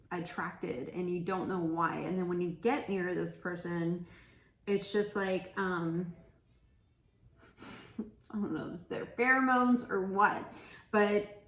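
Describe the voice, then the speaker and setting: A woman giving a casual pick-a-card tarot reading, chatty and giggly, laughing often. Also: fairly low pitch. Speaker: tarot reader. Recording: echoey room with faint noise.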